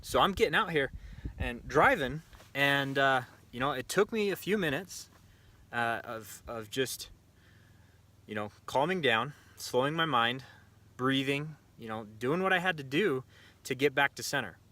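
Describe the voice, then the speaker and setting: A man's voice: mid-range voice, lively intonation, a little slow, sharp tone. A man with a casual, conversational delivery full of fillers and restarts, talking to camera as a shooting coach at an outdoor pistol range. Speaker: shooting coach and show host.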